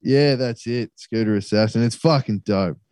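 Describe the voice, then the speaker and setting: A man's voice: mid-range voice, normal speed, a little mellow, dry recording. Young aussie guy, sweary laid-back chat, dry close mic. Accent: Australian. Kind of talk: casual chat.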